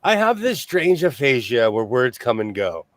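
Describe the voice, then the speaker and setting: A man's voice: medium pitch, normal speed, no room sound. A man hosting a sewing show, rambling through stories and laughing often in casual chat. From New York State. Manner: rambling, animated storyteller who laughs often.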